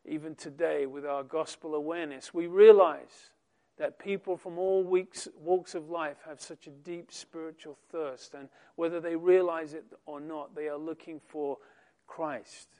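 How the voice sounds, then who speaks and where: A man preaching a sermon, reading scripture aloud and swelling loud and slow on the quoted lines. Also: fairly high pitch, steady tone.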